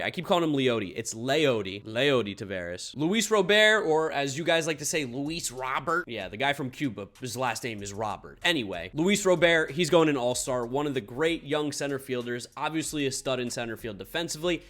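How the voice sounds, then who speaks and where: Animated young man ranking baseball players. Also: on the high side. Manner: animated, emphatic, blunt opinions. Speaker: baseball tier list creator. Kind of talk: opinionated casual commentary.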